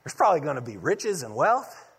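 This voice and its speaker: Guy pastor preaching casual storytelling sermon, kinda husky, big echoey hall. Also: on the high side, very animated, a little fast. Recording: long reverb of a large hall.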